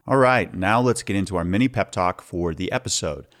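A man's voice: sits low, brisk, fairly bright tone. A man hosting a podcast, talking candidly as he shares personal stories and practical tips. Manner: candid, plain-spoken storyteller. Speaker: podcast host. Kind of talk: podcast monologue giving tips.

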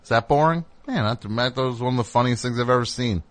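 Talking quickly in a radio studio, a man hosting a call-in show rambles candidly. He interrupts his own sentences, and his voice jumps higher as he gets worked up.

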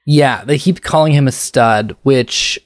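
Easygoing co-host chatting about a book, mid pitch, jokey asides, dry close sound. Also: unhurried, no echo. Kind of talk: casual chat.

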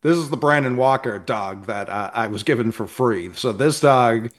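A young man co-hosting a casual sports talk show. He tells stories with energy and acts out other people's lines in the middle of them. His voice sits at an ordinary middle pitch. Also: moderate pace. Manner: animated storyteller, acts out quoted voices. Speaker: podcast co-host. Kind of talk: casual chat.

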